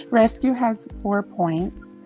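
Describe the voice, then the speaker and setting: A woman's voice: a little high, very slow, mellow, faint music behind. A woman hosting a casual quiz chat on a livestream, laughing often and reading out answers from the chat. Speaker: host.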